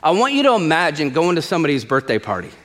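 A man preaching a sermon as pastor, animated and emphatic, repeating lines for stress and acting out the voices in his quotes. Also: on the high side, fast, big-room sound.

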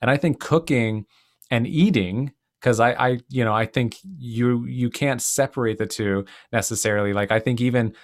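A male podcast host talking in a relaxed, reflective way, with a medium-pitched voice. He winds through anecdotes and big-picture thoughts, sprinkling in "like" and "you know". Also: normal speed. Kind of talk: casual conversational interview.

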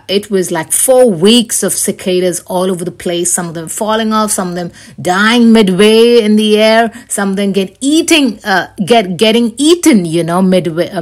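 Rambling chatty woman podcast host. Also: medium pitch. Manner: rambling, chatty, many fillers and restarts. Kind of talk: casual solo podcast chat.

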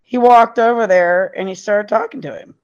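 A woman's voice: medium pitch, normal speed, darkish tone. A middle-aged woman, a podcast guest and parent, telling a story in an earnest, emphatic way. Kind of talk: casual storytelling. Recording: dull lo-fi sound.

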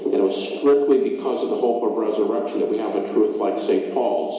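A man earnestly recounting a personal loss in halting, reflective testimony, with frequent restarts. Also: lowish voice, mellow. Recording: echoey hall picked up from far off.

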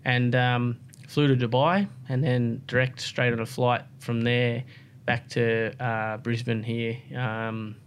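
A man's voice: mid-range voice, flat delivery, slow, a little hiss or hum. An Australian man, a racer guest, telling his story in casual interview chat with lots of fillers and restarts. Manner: rambling, many fillers and restarts.

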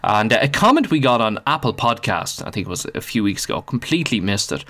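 A man's voice: on the low side, sing-song, quick pace, bright, forceful tone. An Irish man hosting a podcast in casual, jokey chat, laughing often. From Ireland. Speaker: podcast host.

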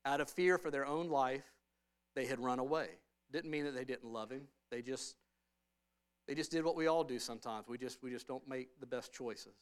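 A man preaching a sermon in a church, talking in a conversational way that swings between hushed and loud, emphatic stretches. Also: medium pitch, normal speed, clear, resonant tone. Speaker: pastor. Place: church sanctuary.

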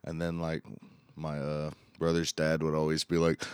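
A man's voice: very deep voice, completely flat delivery, normal speed, a little mellow, clear, resonant tone, no room sound, clean studio sound. A man guesting on a casual comedy podcast, joking, laughing often and swearing freely.

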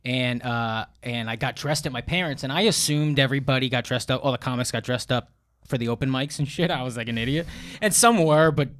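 A man's voice: mid-range voice, brisk. A man in his thirties, a comedian guest telling rambling stories in a casual podcast chat. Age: 30s. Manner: animated storyteller, rambling with restarts.

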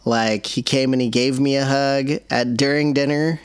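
A man chatting casually on a podcast, telling a lively story and acting out what others said. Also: medium pitch, moderate pace, smooth, dry recording. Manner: animated storyteller who acts out quotes. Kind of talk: casual chat.

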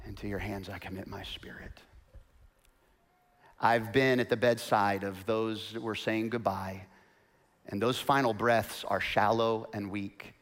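A male pastor preaching a sermon, moving from hushed, quiet storytelling to loud, rising proclamation and calling on the congregation to repeat after him. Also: fairly low pitch. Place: church.

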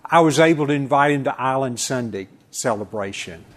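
A man leading a church panel, speaking in a measured way and slowing down to stress his points. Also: mid-range voice, animated.

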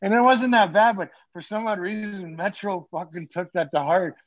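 A former pro hockey player tells locker-room stories in a loose, profane, restart-heavy ramble. His voice sits a little high for a man. The recording sounds dull and lo-fi. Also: normal speed. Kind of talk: casual storytelling.

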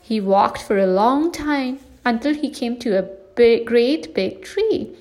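A woman reads a classic picture book aloud for little ones. Her voice sits high and she moves at an unhurried pace. She leans into each repeated phrase with expressive care. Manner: slow, deliberate and expressive. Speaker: storyteller. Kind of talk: children's storybook read-aloud.

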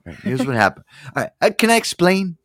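A man's voice: high-pitched, sing-song, quick pace, fairly bright tone, no echo, clean studio sound. A man hosting a radio show, telling a long story in a profane, rambling way with frequent restarts. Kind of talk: casual on-air rant.

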